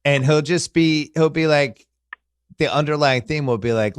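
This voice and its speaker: A man's voice: fairly high pitch, normal speed, clean tone, dry recording, clean studio sound. Wry, rambling male podcast host. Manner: rambling, wry storytelling with many restarts. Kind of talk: casual chat.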